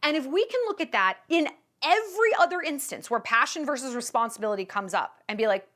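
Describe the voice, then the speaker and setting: A woman's voice: sits high, lively intonation, a little fast, fairly bright tone. A woman hosting a vlog, giving sarcastic, mocking commentary with plenty of emphasis. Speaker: vlog host.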